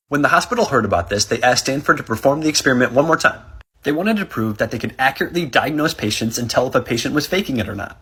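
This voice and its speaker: A man with a raspy voice reading scripted narration in a rapid, steady storytelling delivery. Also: mid-range voice.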